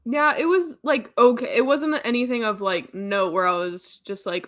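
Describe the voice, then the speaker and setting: A woman's voice: medium pitch, moderate pace, few pauses. A young woman co-hosting a book club, chatting casually and giving strong opinions with frequent laughs. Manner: chatty, opinionated, laughs often, quotes characters in funny voices.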